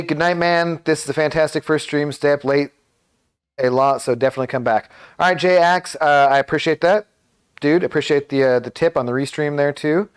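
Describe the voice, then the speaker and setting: A man in his thirties, a live streamer chatting casually and rambling as he answers viewer messages. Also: medium pitch.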